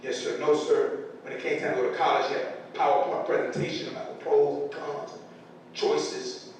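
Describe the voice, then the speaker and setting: A man's voice: fairly high pitch, little pitch movement, moderate pace, slight background noise. A man in his forties giving a humorous motivational speech to teachers, telling stories with acted-out quotes and folksy grammar. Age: 40s. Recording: echoey hall from far off.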